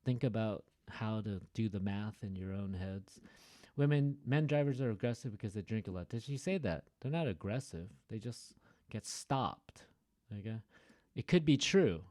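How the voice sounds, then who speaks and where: A man's voice: lowish voice, darkish tone, no echo, clean studio sound. A man teaching a reading lesson in a chatty way, often asking rhetorical questions as he goes through the answers. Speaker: English teacher.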